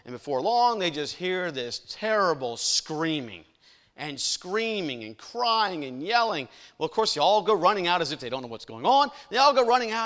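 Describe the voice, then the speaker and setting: A man's voice: high-pitched, big pitch swings, moderate pace, a bit bright, long reverb tail. A man preaching an evening sermon, telling stories in a folksy, conversational way with many fillers and emphatic questions. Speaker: pastor.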